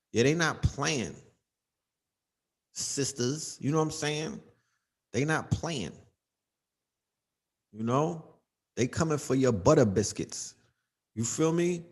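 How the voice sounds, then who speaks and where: A man hosting a livestream, ranting in an emphatic, profane, casual way, often asking "you know what I mean.". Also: mid-range voice. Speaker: livestream host.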